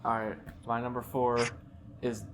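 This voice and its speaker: A man's voice: mid-range voice, flat delivery, measured pace, a crowd in the background. A young man co-hosting a podcast, joking playfully through his picks and laughing often. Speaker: podcast co-host. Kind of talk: casual sports picks chat. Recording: clear background noise.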